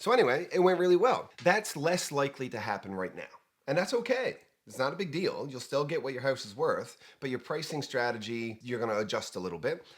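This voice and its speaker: Animated, joking male show host. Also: fairly high pitch. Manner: lively, joking, rambling asides. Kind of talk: casual real estate talk show.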